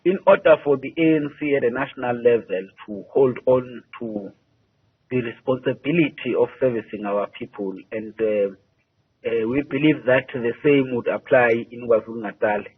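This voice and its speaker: A man, a party spokesperson answering a news interview by phone, measured and halting, with many hesitations and repeated words. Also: mid-range voice, husky. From South Africa. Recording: tinny phone line.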